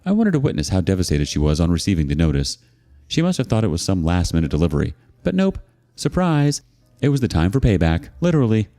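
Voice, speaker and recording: A man narrating a story in a low, warm voice that rises and falls a lot. He tells it expressively, with a sarcastic bite in his asides, over faint background music. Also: big pitch swings, fast talker. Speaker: narrator of reader stories. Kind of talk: scripted narration.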